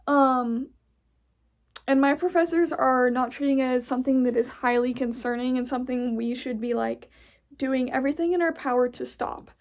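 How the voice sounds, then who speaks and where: A young woman from the United States venting into her podcast in a blunt, profane monologue. Her voice sits high but has a gravelly fry running through it. She sounds fed up. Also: fairly even intonation, moderate pace. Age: young adult. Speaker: podcast host. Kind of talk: casual ranting monologue.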